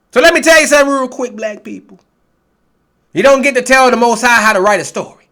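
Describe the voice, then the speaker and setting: A man's voice: very high voice, brisk, pushed and bright. A man preaching a blunt, profane, confrontational sermon and reading scripture aloud. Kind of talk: street-style sermon, Bible reading.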